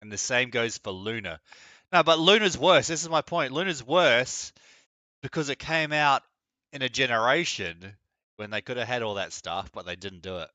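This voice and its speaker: A man's voice: mid-range voice, animated, moderate pace, pushed and bright, no echo. A young man chatting casually on a live gaming stream, blunt, opinionated and mocking. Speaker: game streamer.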